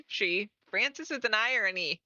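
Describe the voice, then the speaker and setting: Slow-paced, laughing woman game master. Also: mid-range voice. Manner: laughs often, relaxed narration. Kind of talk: narrating a tabletop game. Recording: slightly muffled, dry stream audio.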